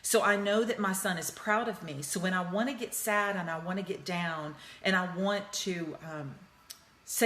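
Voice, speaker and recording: A woman's voice: on the low side, normal speed, a bit bright. A middle-aged woman hosting a live talk from her office, speaking earnestly and personally about grief and healing. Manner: earnest, personal, checks in with listeners. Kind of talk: heartfelt motivational live talk. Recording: roomy echoing office.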